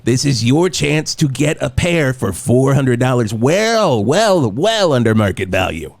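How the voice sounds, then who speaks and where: A man's voice: mid-range voice, sing-song, a little slow, creaky, no echo. An actor playing a goofy male morning rock radio DJ who jokes around and plugs the station. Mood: banter. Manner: jokey, trades quips, plugs station. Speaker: radio DJ co-host. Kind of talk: improvised comedy radio banter.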